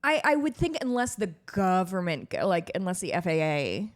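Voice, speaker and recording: A woman co-hosting a podcast who talks in casual, quick-witted, sarcastic banter. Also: on the low side, big pitch swings. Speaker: podcast co-host. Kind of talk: casual chat.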